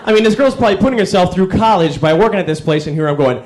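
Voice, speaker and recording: A man doing a stand-up comedy routine, acting out quick character bits to a live crowd. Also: high-pitched, expressive, a little mellow. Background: audience laughter.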